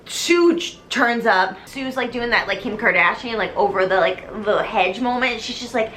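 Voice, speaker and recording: A tipsy young woman retells a stage musical for laughs, her talk packed with "like" and quick character voices. Her voice is bright and sits high, and a faint hiss of noise runs underneath. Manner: animated, many "like" fillers, slips into quick character voices. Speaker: comedic host retelling a musical. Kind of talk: tipsy comedic storytelling.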